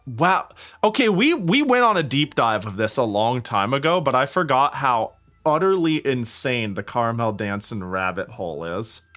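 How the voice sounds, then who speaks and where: A young male streamer talks while he plays, rambling from one thought to the next with a quick laugh and a casual curse thrown in. Faint game music sits low behind his voice. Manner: rambling and animated, laughs often, swears casually. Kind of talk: casual gaming stream chat.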